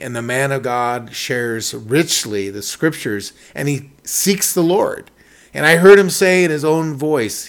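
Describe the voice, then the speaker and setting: Guy preaching a sermon, all fired up, goes loud then quiet, repeats himself a lot, medium pitch voice. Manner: impassioned, repetitive, swings between loud and hushed.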